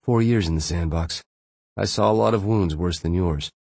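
A man voicing a calm, matter-of-fact woman who is a former navy medic, reassuring her patient. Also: deep voice, moderate pace, no room sound.

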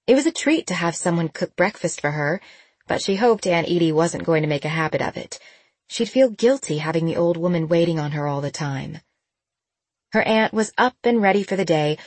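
A woman narrating a novel as an audiobook, in a steady, even storytelling manner. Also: lowish voice, no room sound. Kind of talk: scripted narration.

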